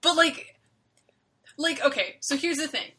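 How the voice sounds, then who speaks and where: A woman's voice: high voice, measured pace, rough recording. A woman co-hosting a podcast, talking casually and emphatically with many fillers. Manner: animated, filler-heavy, emphatic. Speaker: podcast co-host. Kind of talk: casual chat about a webcomic.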